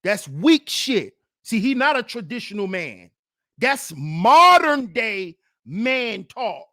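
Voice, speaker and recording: Slow, lively-pitched man scolding mockingly. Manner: mocking, scolding, repeats taunts. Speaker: channel host commentator. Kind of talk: livestream commentary rant.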